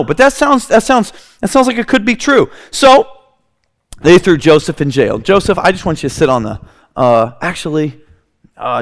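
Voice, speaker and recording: Animated male preacher with a high, lively voice. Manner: animated storytelling, acting out scenes with kids. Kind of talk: sermon.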